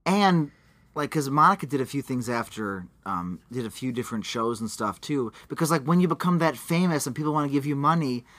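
A man's voice: mid-range voice, lively intonation, brisk, fairly bright tone. A man co-hosting a podcast in casual chat, sarcastic, swearing and riffing on jokes. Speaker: podcast co-host.

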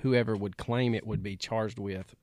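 A man's voice: on the low side, steady tone, normal speed, darkish tone, no room sound. A man co-hosting a podcast, reading out facts in casual chat and slipping in dry wisecracks. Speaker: podcast co-host.

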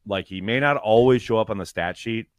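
A man co-hosting a podcast in casual sports chat, animated and swearing, with quick restarts. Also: lowish voice, no echo, studio quality. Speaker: podcast co-host.

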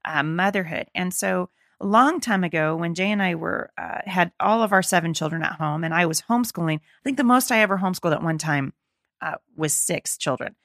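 A middle-aged woman hosts a faith podcast in a gravelly, slightly hoarse voice with plenty of fry. She talks to her listeners in an earnest, encouraging, conversational way. The sound is dry and close. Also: on the low side, fairly quick, fairly bright tone, no echo. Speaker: podcast host. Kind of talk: faith-based podcast talk.

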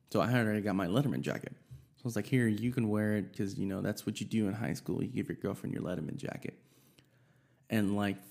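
A young man casually telling a personal story, swearing often and animated when he quotes people. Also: fairly low pitch, vocal fry.

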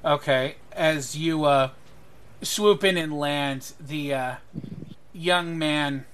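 A man narrating as game master of a tabletop role-playing game, pausing often with ums and uhs. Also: a little high, a bit bright, a little hiss or hum. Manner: hesitant, lots of ums and uhs.

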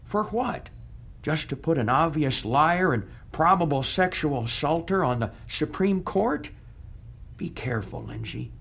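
A man's voice: fairly high pitch, animated, a little slow, fairly bright tone, exaggerated voice. A man playing the scornful, taunting ghost of an older male senator in a comedy audio sketch. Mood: scolding. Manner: taunting, sarcastic, scolding.

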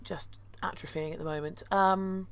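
A woman's voice: lowish voice, steady tone, normal speed, clean tone. A woman who hosts a podcast and leads tours, chatting casually and laughing often. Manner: chatty, giggly, cackling. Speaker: podcast host and tour guide.

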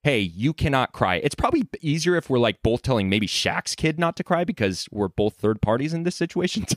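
Casting: mid-pitched male co-host, animated delivery, dry close sound. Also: a little fast, no echo. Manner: laughing, explains with examples. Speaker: podcast co-host. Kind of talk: casual sports debate.

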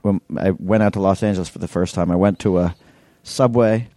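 A man's voice: deep voice, fairly even intonation, brisk, dark tone, dry recording. A man from New York with a New York accent, co-hosting a podcast and telling rambling, joking stories in a casual chat from a hotel room. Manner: rambling storyteller, joking, many fillers and restarts. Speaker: podcast co-host.

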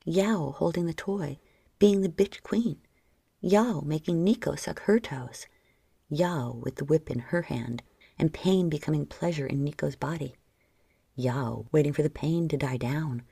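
A woman reading an erotic story aloud as audiobook narration, often sinking into a soft whisper. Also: deep voice, vocal fry, slightly rough, dry recording. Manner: soft, frequently dropping into whispers.

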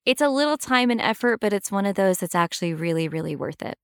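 A middle-aged actress talking in a relaxed, enthusiastic interview, laughing often. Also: female voice, medium pitch, quick pace, clean tone, dry recording, studio quality. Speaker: actress guest. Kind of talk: casual interview chat.

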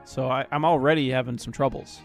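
A man's voice: medium pitch, steady tone, a little fast, creaky, faint music behind. A man co-hosting a podcast in casual chat, laid-back and teasing, laughing often. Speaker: podcast co-host.

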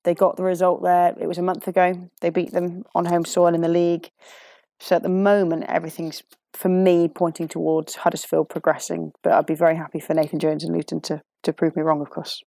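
Woman, football pundit, lowish voice, dry close sound, chatty and opinionated. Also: level tone, fairly quick, vocal fry, dark tone, no room sound. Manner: chatty, opinionated, sighs and restarts. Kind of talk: casual studio punditry.

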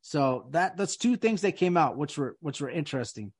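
A man's voice: on the high side, expressive, moderate pace, husky. A man hosting a casual podcast chat, emphatic, often repeating himself and restarting sentences. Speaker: podcast host.

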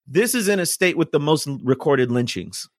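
A man's voice: a little high, very animated, normal speed, no echo. Earnest man explaining politics, dry sound. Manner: earnest, explanatory, cites scripture. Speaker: podcast co-host. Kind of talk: casual political discussion.

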